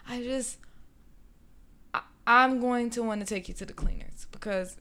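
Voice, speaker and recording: A woman's voice: fairly high pitch, normal speed, bright, forceful tone. A young woman telling a dating story in casual chat, talkative and full of fillers. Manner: chatty, storytelling, frequent "like" fillers.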